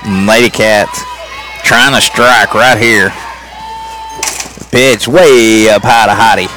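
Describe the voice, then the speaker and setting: A man calling a softball game play by play on a live broadcast, getting excited and climbing in pitch on big plays. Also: a faint crowd. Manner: rapid excited calls, pitch jumps high on big plays. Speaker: play-by-play announcer.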